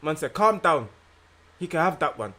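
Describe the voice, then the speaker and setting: A man with a London accent talks loosely over a live stream, reacting to a rap battle with slang, laughs and repeated jabs. His voice sits a little high for a man. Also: big pitch swings, moderate pace, sharp tone.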